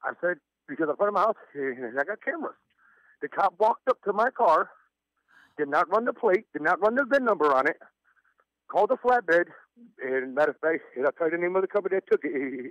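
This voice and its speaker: A man's voice: fairly high pitch, lively intonation, fairly quick, a bit bright, dry recording. Stammering man on a muffled phone line. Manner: stammering, laughs nervously. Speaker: caller. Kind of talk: phone-in story. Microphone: telephone.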